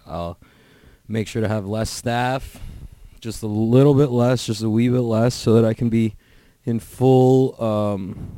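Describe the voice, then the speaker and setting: Mellow and on the low side, this podcast host's voice comes through a dry recording. Alone on the mic, he rambles through a casual, profane chat packed with "like" fillers.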